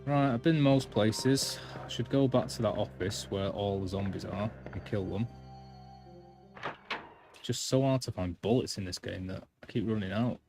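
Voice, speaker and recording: Brief: gaming streamer, fairly low voice, relaxed running chat, game music playing behind. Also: male voice, moderate pace. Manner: chatty, self-deprecating, talks to chat while playing. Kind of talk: casual live-stream commentary.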